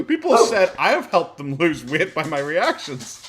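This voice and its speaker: A man's voice: on the high side, wildly swooping pitch, normal speed, fairly bright tone, slight background noise. A man with an Irish accent giving casual, sarcastic reaction commentary on a video, swearing often and laughing between remarks.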